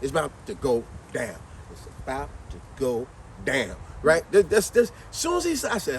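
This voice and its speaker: A man telling a casual story in an animated, slangy, lecturing way, recorded inside a vehicle. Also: mid-range voice, moderate pace, hardly any pauses, far from the mic, a little hiss or hum. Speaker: vlogger.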